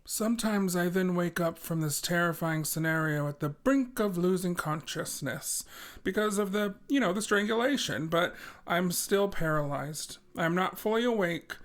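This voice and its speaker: A woman's voice: fairly low pitch, moderate pace. A woman co-hosting a podcast, reading listener stories aloud in casual chat with dry, joking asides. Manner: dry, joking asides between read passages. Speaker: podcast co-host.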